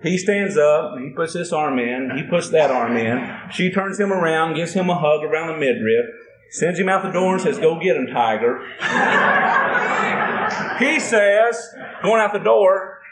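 A man's voice: fairly high pitch, moderate pace, reverberant, slight background noise, rough recording. A man preaching a folksy sermon, telling a homespun story and acting out a husband and wife. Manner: homespun, drawling storyteller acting out both spouses. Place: church building.

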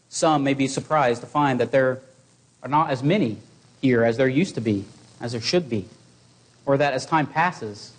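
A man with a mid-range voice delivers a sermon to his congregation, earnest and exhorting, pausing in a measured way.

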